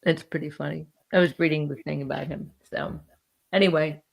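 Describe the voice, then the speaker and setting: A woman's voice: low voice, fairly even intonation, a little fast, gravelly. A woman co-hosting a podcast in casual chat, easygoing and often laughing. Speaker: podcast co-host.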